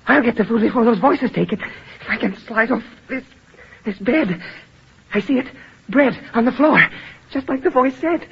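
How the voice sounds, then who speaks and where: A man's voice: very high-pitched, moderate pace, vocal fry, breathy edge, full character voice. An actor playing a weak, starving man, speaking in a faint, pleading, delirious way in a 1940s radio drama. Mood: desperate. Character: starving weak man crawling toward bread. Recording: muffled old radio broadcast.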